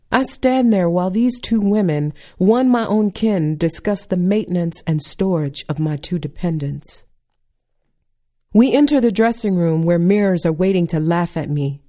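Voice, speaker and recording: Wry woman with a mellow voice. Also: medium pitch. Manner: wry, deliberate delivery. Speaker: spoken-word performer. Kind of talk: spoken-word personal story.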